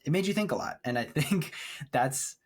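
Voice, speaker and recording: A man's voice: fairly high pitch, expressive, moderate pace, slightly rough. A man co-hosting a film podcast, talking in a thoughtful, rambling way with frequent laughs. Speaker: podcast co-host. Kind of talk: casual chat. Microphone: remote recording setup.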